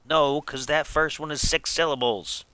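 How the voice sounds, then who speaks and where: A man's voice: a little high, fairly even intonation, moderate pace, pushed and bright, smooth, no room sound. A man streaming a game, chatting casually in a goofy, rambling way and chuckling at his own jokes. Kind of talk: casual live gameplay chat.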